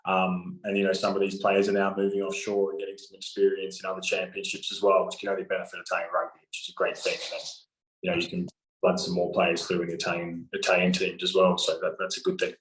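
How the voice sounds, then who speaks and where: Deep, flat-voiced man talking fast. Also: reverberant, low-quality recording. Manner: relaxed, filler-heavy. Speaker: interview guest. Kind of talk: casual interview chat.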